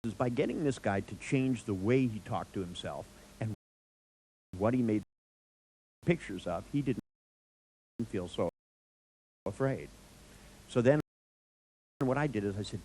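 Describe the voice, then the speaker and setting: A man's voice: on the low side, measured pace, long pauses, a little hiss or hum, rough recording. A man telling a story to an audience, acting out the dialogue with wry chuckles. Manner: animated, acts out dialogue in quotes. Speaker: speaker.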